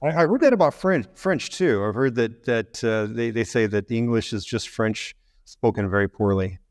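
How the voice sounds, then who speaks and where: A man's voice: medium pitch, lively intonation, moderate pace, no room sound, studio quality. A man hosting a podcast interview, chatting in an easygoing, casual way. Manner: easygoing, casual, uses "man" and "you know". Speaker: podcast host.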